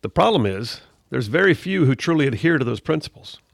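This middle-aged radio host speaks in a gravelly, creaky, medium-pitched voice, very animated and fairly quick, in a folksy studio monologue. His conversational talk wanders into preachy asides, and the sound is dry and close with no echo.

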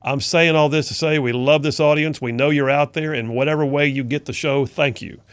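A man's voice: a little high, fairly even intonation, fairly quick, clean tone, no room sound. A middle-aged man hosting a conservative political talk radio show, folksy and sarcastic in his commentary. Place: radio studio.

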